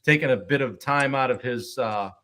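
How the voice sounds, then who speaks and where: Over a video call, a male streamer chats loosely with his guest, his mid-range voice moving at a moderate pace. The talk is laid-back and peppered with fillers and restarts.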